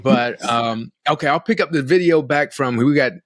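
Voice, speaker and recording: A man's voice: mid-range voice, moderate pace, no echo. Man hosting over dry audio. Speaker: podcast host. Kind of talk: casual interview, walking through video.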